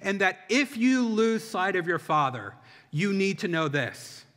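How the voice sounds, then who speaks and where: Guy preaching, high bright voice, fired up, lots of repeating, long echo in a church hall. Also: very animated, a little slow. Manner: impassioned, rhythmic repetition. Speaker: pastor. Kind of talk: sermon.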